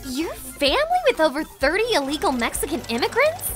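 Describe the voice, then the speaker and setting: A man's voice: very high-pitched, huge pitch swings, fairly quick, over music, heavily acted. A man voicing a bossy young female pony in a parody cartoon, eager and blunt.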